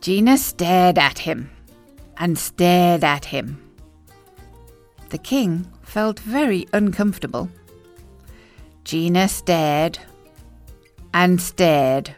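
A woman narrating a children's storybook in an expressive, clear, unhurried way. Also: on the low side, faint music behind.

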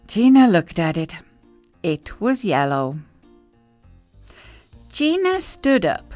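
Woman reading a children's story, slow and lively. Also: fairly low pitch, faint music behind. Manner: expressive, clear, unhurried storytelling. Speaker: narrator.

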